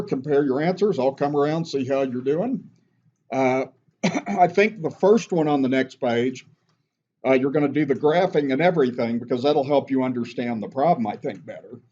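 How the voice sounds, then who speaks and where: A man's voice: mid-range voice, mellow, highs cut off, a little hiss or hum. A man teaching a math class, patiently walking through steps and checking in with "okay?". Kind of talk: classroom lecture.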